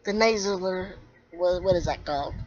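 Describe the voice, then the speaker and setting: A woman's voice: on the low side, normal speed, darkish tone, highs cut off. A woman vlogger chatting casually outdoors with her mother, laughing often as she tells stories. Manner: giggly, laughs often while telling a story. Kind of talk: casual chat.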